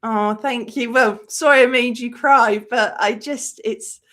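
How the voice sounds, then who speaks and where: Her voice is on the high side and fairly bright, with a steady tone and an unhurried delivery. She hosts a movie channel's live-stream chat, rambling emotionally and stuffing her talk with fillers.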